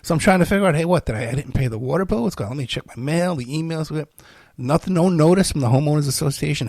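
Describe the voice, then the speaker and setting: A man's voice: on the high side, lively intonation, very fast, a little mellow, no room sound. A middle-aged man hosting a podcast, rambling in a casual, self-deprecating way while sounding tired and unwell. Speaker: podcast host. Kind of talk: casual solo monologue.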